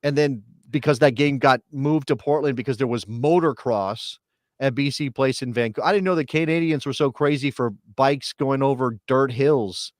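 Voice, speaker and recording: A man's voice: mid-range voice, no echo, studio quality. A man hosting a live sports talk show, chatty and joking, with many fillers and restarts. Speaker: podcast host.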